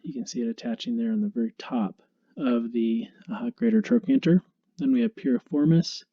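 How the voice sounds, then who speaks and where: A man teaching anatomy in a relaxed, conversational way, walking through the muscles one by one. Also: medium pitch, normal speed, highs cut off. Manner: relaxed and conversational, with small restarts. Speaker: instructor. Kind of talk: casual anatomy lecture.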